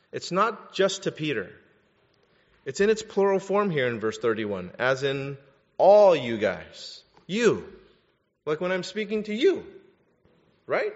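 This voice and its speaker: A male pastor preaching a sermon, emphatic and full of rhetorical questions. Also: on the high side. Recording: echoey hall, dull lo-fi sound.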